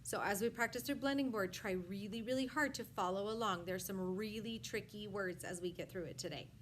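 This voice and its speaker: A woman teaching a first grade phonics lesson, sounding out words slowly piece by piece and praising often. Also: medium pitch, slight background noise. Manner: slow, sound-by-sound enunciation with frequent praise. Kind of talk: phonics lesson for young children.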